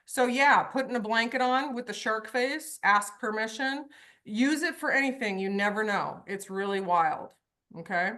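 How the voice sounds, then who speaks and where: Woman horse coach, bright, a bit high, lively storyteller on a video call. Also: moderate pace. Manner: lively storyteller, acts out voices. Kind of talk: online group coaching call.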